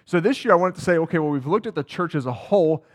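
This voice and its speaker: A man's voice: on the high side, lively intonation, fast talker. A man preaching a sermon as campus pastor, talking casually and asking the congregation questions. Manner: conversational, asks the congregation questions. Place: church sanctuary.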